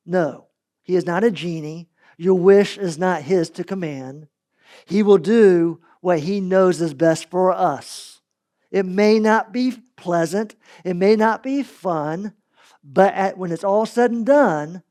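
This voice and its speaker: Male preacher, sermon delivery, animated storyteller, dynamic loud-to-soft swings. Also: high voice. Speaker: pastor.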